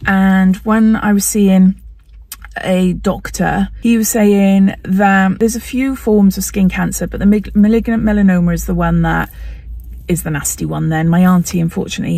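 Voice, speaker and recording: A woman's voice: fairly low pitch, vocal fry, darkish tone, no room sound. A middle-aged woman talking candidly in a personal vlog, often laughing and sometimes emotional. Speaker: vlogger.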